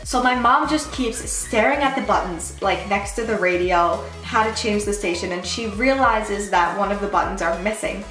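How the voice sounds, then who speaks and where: A young woman telling a storytime vlog story in an animated way, quoting people in lively voices. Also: medium pitch, moderate pace, hardly any pauses, roomy sound, soft background music. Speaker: vlogger.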